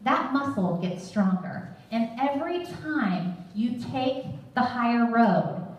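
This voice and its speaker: A woman's voice: a little high, lively intonation, takes it slowly, distant mic. An earnest woman teaches in a conversational sermon style. Her voice is set back from the mic, and a very echoey room rings around it. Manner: earnest, conversational, quotes scripture. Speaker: Bible teacher.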